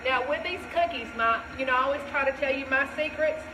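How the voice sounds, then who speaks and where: Speaking fast in a high-pitched voice, a Southern American woman from Tennessee chats casually while baking live in her kitchen and greeting her viewers. She owns a shop and hosts the cooking stream, which is recorded with roomy sound and a noisy background.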